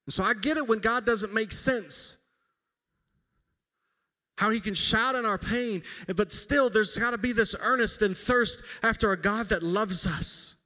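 A man in his forties delivers a conversational sermon, slipping in dry self-deprecating asides and family stories. His voice sits a little high for a man, and a long reverb trails each phrase through the church hall. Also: measured pace, sharp tone. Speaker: pastor. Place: church sanctuary.

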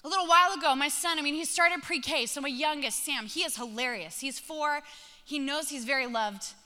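A woman in her thirties preaching a sermon, telling a family story and acting out the dialogue in an animated way. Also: sits high, brisk. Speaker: pastor. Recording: long reverb of a large hall.

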